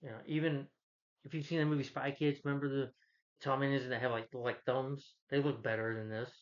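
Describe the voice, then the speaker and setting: A man's voice: medium pitch, little pitch movement, fairly quick, muffled recording. Rambling man reviewing a movie. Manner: rambling, many restarts and fillers, opinionated. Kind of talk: casual rambling film review.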